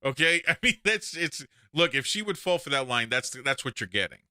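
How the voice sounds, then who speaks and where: A man's voice: a little high, animated, fairly quick, pushed and bright, clean tone, no room sound, clean studio sound. A man with a Texan accent hosting a live call-in stream, telling stories and laughing often. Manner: storytelling, jokey, laughs often. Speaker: show host.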